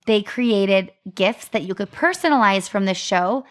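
A woman's voice: medium pitch, animated, a little slow, smooth. A young woman co-hosting a chatty podcast, telling an upbeat story and reading out marketing details. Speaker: podcast co-host. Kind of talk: casual chat.

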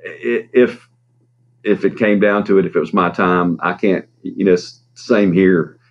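A man interviewed as a guest, recounting events in a halting way, with fillers and soft laughs. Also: low-pitched. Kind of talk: interview storytelling. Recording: dull lo-fi sound.

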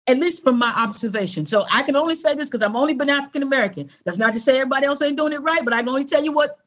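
Her voice high-pitched and racing, a middle-aged interview guest recounts a personal experience earnestly and conversationally. She's animated and performs the voices of whoever she's quoting.

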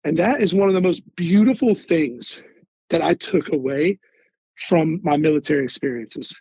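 A man from Philadelphia, an Army veteran and guest on an interview show, telling stories in an animated way and often repeating words as he searches for them. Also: a little high, moderate pace, gravelly, slightly rough, no room sound, poor audio. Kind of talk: casual interview storytelling.

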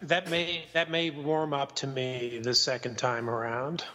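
A man's voice: medium pitch, level tone, unhurried, bright, forceful tone, in a large hall. A man co-hosting a podcast, chatting about a film in a playful, mock-offended way. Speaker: podcast co-host. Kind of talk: casual film discussion.

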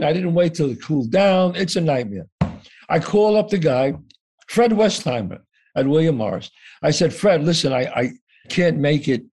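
An older man tells his story with a husky, high-set voice that leaps up and down as he plays every part in his anecdotes. He swears casually and keeps the tale rolling. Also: a little mellow. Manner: acts out both sides of conversations, swears freely. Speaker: guest. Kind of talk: animated storytelling.

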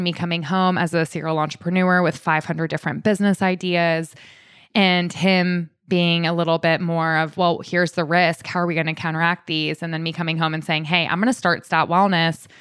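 A woman's voice: on the low side, fairly bright tone, smooth, no room sound, clean studio sound. A woman co-hosting a podcast, telling stories in an upbeat, casual way and acting out quoted dialogue. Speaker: podcast co-host. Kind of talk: casual chat.

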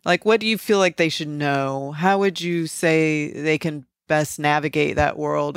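An interviewer asking quick, casual questions with a playful touch. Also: medium pitch, steady tone, clear, resonant tone, no echo, studio quality.

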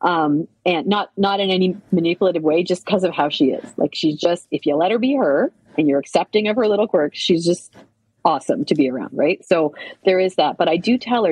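Middle-aged woman guest, kinda husky, low-ish voice, chatty storyteller, dry sound. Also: brisk, no echo, rough recording. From Canada. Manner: chatty, animated storytelling with many asides. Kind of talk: casual chat.

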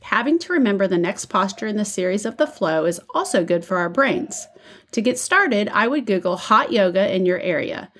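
A woman's voice: mid-range voice, expressive, normal speed, a bit bright. A woman co-hosting a podcast, reading listener stories and chatting casually. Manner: conversational, uses fillers like "like" and "I don't know". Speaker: podcast co-host.

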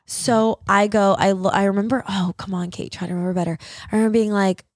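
A woman's voice: medium pitch, quick pace, no room sound, studio quality. A young adult woman co-hosting a podcast, telling a story casually and acting out the dialogue. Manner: animated, laughing, acts out quoted dialogue. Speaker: podcast co-host.

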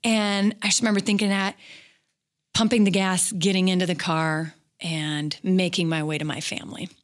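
A middle-aged woman telling a personal story as an interview guest, candid and halting, with many fillers. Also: lowish voice, little pitch movement.

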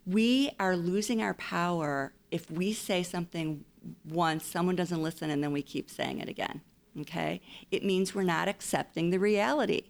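A woman's voice: fairly low pitch, normal speed, gravelly. A woman counselor giving advice in a casual interview, explaining her points with playful acted-out quotes.

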